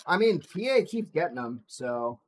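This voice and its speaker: A man's voice: fairly high pitch, sing-song, normal speed. A man co-hosting a live whiskey tasting stream, chatting casually and reading viewer comments aloud. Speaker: podcast co-host.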